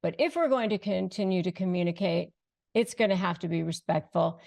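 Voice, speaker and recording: A woman hosting an advice video, speaking emphatically and slowing down to stress key phrases. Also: on the low side, creaky, darkish tone. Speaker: host giving advice. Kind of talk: direct-to-camera advice talk.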